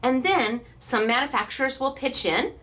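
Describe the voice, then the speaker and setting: Woman, craft class host, bubbly, chatty, laughs often, slightly high voice. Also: lively intonation, moderate pace, fairly bright tone. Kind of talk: casual chat to online viewers.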